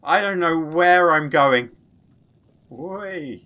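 A gaming channel host delivers excitable, playful let's play commentary, throwing in his own sound effects. His voice sits in the mid-range, and he speaks at a measured pace with long pauses.

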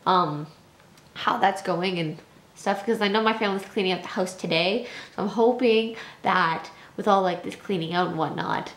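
A woman's voice: mid-range voice, normal speed. A young woman talking casually to her viewers in a rambling vlog, full of "like" and "um". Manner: rambling, filler-heavy talk. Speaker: vlogger. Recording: echoey room with faint noise.

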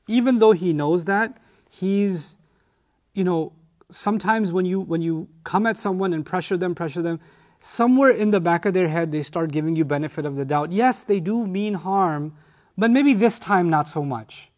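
A man giving a conversational Quran lesson, animated, explaining by acting out what people say. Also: sits high, normal speed. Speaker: Quran teacher.

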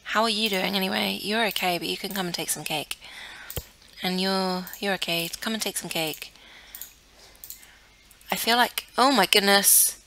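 A woman's voice: mid-range voice, normal speed, gravelly, pauses often, sharp tone. A young woman giving casual commentary on a life-sim game, chatty and easily flustered, talking to the characters on screen. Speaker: let's play gamer.

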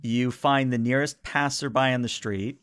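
A man narrates a tabletop game as game master in a dry, matter-of-fact way. His voice sits at a middle pitch and sounds close and dry. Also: fairly even intonation, moderate pace, a bit bright, clear, resonant tone, no echo.

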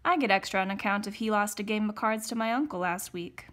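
A woman reading aloud, voicing an eager, talkative young male soldier who hollers when excited. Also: medium pitch, quick pace, lightly acted.

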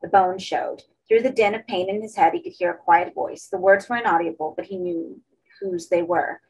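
A woman reading a horror story aloud as an audiobook, in steady narration. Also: medium pitch, normal speed, gravelly, husky, low-quality recording. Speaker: audiobook reader.

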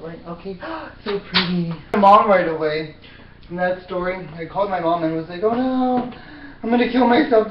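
A man's voice: high voice, a little hiss or hum. Chatty self-mocking young man cooking. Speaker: cooking vlogger. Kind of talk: casual cooking vlog chat. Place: apartment kitchen. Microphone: built-in camera mic. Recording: roomy, dull lo-fi camera sound.

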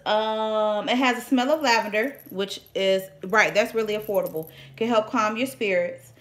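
A woman, chatting casually and excitedly through a product unboxing, with playful slang and sudden whispered asides. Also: mid-range voice. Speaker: vlogger reviewing products.

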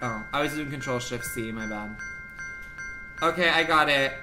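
A man's voice: medium pitch, normal speed, music in the background. A young man livestreaming a game, rambling in a campy, dramatic, profane way at home. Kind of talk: casual game commentary.

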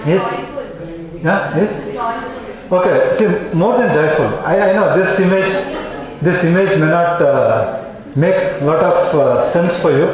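A man's voice: fairly high pitch, slow, crowd noise. Man lecturing in an echoey classroom. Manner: repetitive, checks in with "okay?" constantly. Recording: very echoey classroom, faint noise.

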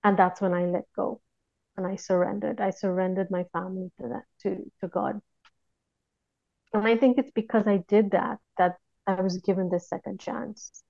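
A woman recounting a personal experience in a reflective, hushed way, often pausing and restarting her sentences. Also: mid-range voice, steady tone, creaky, no room sound, lo-fi sound. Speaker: guest recounting a near-death experience. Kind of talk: personal testimony, casual storytelling.

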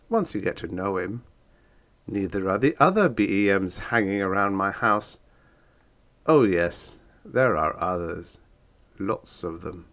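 A man narrating a humorous audiobook with wry, expressive storytelling. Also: low-pitched.

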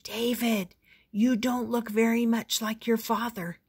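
A cautious little girl in a storybook, wary of strangers but quick to brighten at the promise of treats, as an older woman puts her on while reading aloud. Her voice stays close to an ordinary speaking voice, with only a slight lift. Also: mid-range voice, very animated. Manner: wary, then eager.

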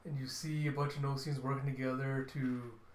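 A man at a middle pitch narrating a comic book page by page, loose and offhand, filling gaps with "uh" and "like". His voice carries a roomy echo with faint background noise. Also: little pitch movement, a little fast. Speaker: comic reviewer. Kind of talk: casual comic read-through narration.

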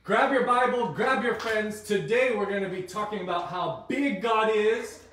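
A man's voice: high voice, normal speed, fairly bright tone, a little hiss or hum. A man hosting a children's church show, upbeat and leading the kids in call-and-response. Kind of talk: kids' Bible lesson. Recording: echoey room.

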